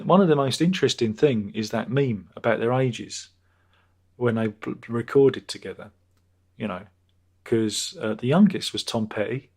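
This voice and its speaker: Speaking at normal speed in a mid-range, slightly mellow voice with a breathy edge, this man hosts a casual live stream. He's British, in his fifties, and meanders through viewer comments with crude jokes and much repetition.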